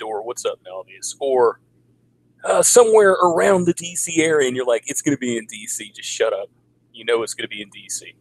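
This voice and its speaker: Forties male streamer, crude sarcastic ranter, mid-pitched voice, mocks others with high put-on voices. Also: animated, a little fast, rough recording. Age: 40s. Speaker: vlogger. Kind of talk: casual livestream rant. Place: home in the Philippines.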